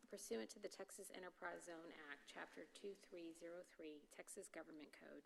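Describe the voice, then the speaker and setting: A woman acting as city attorney, reading an ordinance caption aloud in a rapid, monotone legal style in a council chamber. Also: on the low side, creaky, a crowd in the background.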